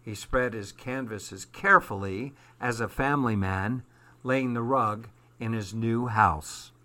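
A man reading a children's storybook aloud in a slow, measured way. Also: mid-range voice, bright, forceful tone. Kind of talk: storybook narration.

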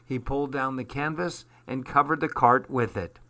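A man reading a children's storybook aloud in a slow, measured way. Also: medium pitch, pushed and bright. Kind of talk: storybook narration.

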